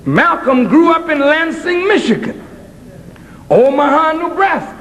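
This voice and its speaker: A man from Boston giving an impassioned public address at a college, emphatic and preacherly, rising to shouts. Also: extremely high pitch, very animated, measured pace, in a large hall, low-quality recording. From Boston, United States. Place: college auditorium.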